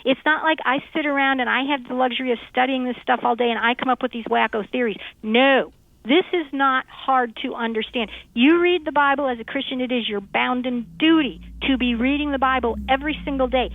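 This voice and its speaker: A woman speaks fiercely and emphatically over a tinny phone line, her voice set fairly high. She preaches with conviction, hammering home each point, and the sound is dry and close. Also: fairly quick, no room sound. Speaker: radio show guest. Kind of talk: impassioned call-in talk.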